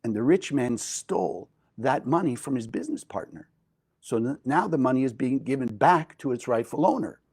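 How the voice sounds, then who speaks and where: Man voicing wise old master, calm, measured, patient, explaining. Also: medium pitch, husky, dry recording, studio quality, voice pushed down.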